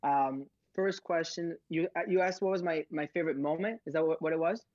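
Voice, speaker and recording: A man hosting audio rooms, telling stories in a rambling, excitable way and acting out sounds. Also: a little high, brisk, no room sound. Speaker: host of social audio rooms. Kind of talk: casual storytelling answer. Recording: dull, dry audio.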